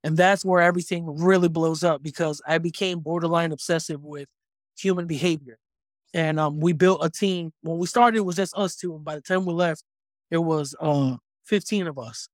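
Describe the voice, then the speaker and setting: Chatty thirty-something man, slightly high voice. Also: moderate pace, dry recording, clean studio sound. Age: 30s. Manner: animated storyteller, frequent ums. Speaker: podcast guest, entrepreneur. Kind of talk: casual storytelling chat.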